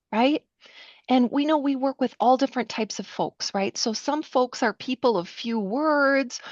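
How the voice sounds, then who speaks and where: A woman's voice: on the high side, darkish tone, no echo. A middle-aged woman, a counselor, teaching a workshop patiently step by step, often checking in with her listeners. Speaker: counselor leading a training session. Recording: dull lo-fi sound, dry.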